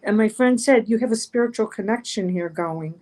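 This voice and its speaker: A woman's voice: mid-range voice, a little fast, darkish tone, poor audio. A middle-aged woman, a guest on an online chat show, telling a story casually, rambling with many fillers and restarts.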